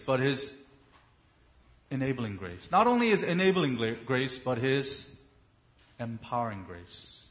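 A man preaching a sermon, emphatic, stretching key words slowly and asking the congregation rhetorical questions. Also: medium pitch, fairly bright tone, highs cut off. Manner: emphatic, with slow drawn-out stresses and rhetorical questions.

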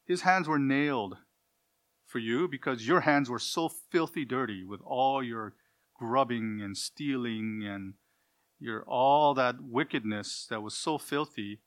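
A man's voice: medium pitch, a little slow. Earnest preacher man, pleading questions. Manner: earnest, pleading, swings between loud emphasis and quiet; asks the listeners direct questions. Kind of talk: sermon.

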